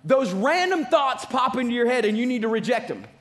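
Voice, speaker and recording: High-voiced emphatic male preacher. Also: lively intonation, brisk, a bit bright, a little hiss or hum. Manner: emphatic preaching with repeated phrases. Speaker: pastor. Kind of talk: sermon.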